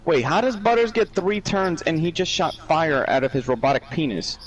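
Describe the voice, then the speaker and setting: A man chatting on a podcast while gaming, blunt, profane and excitable. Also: on the high side, a little fast, rough recording. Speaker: podcast co-host.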